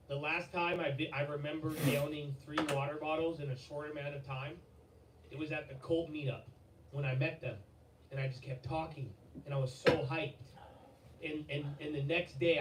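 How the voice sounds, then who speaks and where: A man hosting a livestream, excitable and swearing, with a strained, fading voice and sudden shouts and laughter. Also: on the high side, distant mic. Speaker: livestream host. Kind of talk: hyped livestream chat. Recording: echoey, off-mic, with loud background noise.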